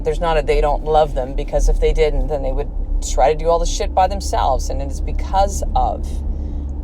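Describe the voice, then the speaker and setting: A woman's voice: low-pitched, noisy background. A woman in her thirties hosting a podcast, talking candidly in a rambling, casual monologue, full of fillers and acted-out quotes. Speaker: podcast host.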